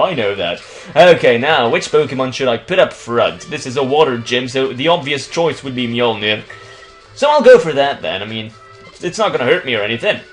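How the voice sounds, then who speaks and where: A young man, not an English speaker, talks through a video game in loose, crude let's play commentary. His voice sits a touch high and jumps around lively, with faint music playing behind him. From Belgium. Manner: casual, crude and rambling, with many restarts.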